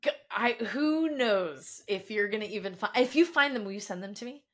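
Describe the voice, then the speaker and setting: A woman's voice: medium pitch, moderate pace. A woman with a mid-range voice shares audition stories as a podcast guest. She talks casually, with restarts and self-deprecating humor. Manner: animated anecdotes, self-deprecating, trailing restarts. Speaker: guest voice actor and coach. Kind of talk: casual storytelling interview.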